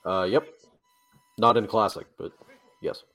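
A man's voice: lowish voice, steady tone, unhurried, a bit bright. A man from the United States co-hosting a podcast, chatting casually and dropping fan knowledge with jokes. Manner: knowledgeable, joking. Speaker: podcast co-host. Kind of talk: casual chat.

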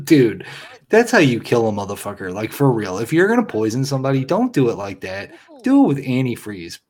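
A man's voice: medium pitch, wildly swooping pitch, brisk, a little mellow. A man co-hosting a casual movie commentary, blunt and profane, laughing often. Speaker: podcast co-host.

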